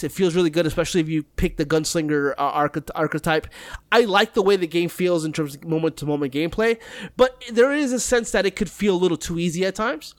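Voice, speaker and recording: Joking higher-voiced male podcast co-host. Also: no echo. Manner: joking, rambling, self-mocking. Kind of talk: casual chat.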